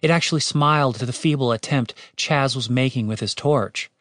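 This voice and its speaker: A man narrating an audiobook in a steady, wry way. His voice sits at a middle pitch and is recorded close and dry. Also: normal speed, dry recording. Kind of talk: scripted narration.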